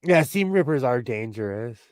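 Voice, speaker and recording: On his sewing livestream, a youthful-sounding Californian man with a local accent chats casually at normal speed, his medium-pitched voice animated. He laughs a lot and often restarts sentences; there's no echo.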